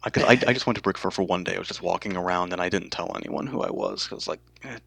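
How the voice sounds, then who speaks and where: A man appearing as a guest on a casual podcast chat, talking in a halting, hesitant way with many restarts. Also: sits low, gravelly, fairly bright tone, low-quality recording.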